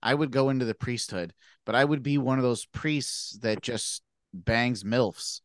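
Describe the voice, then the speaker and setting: A man co-hosting a laid-back podcast who trades crude, playful jokes. His voice is medium-pitched, and the close mic sounds dry. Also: unhurried, no echo. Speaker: podcast co-host. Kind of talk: casual chat.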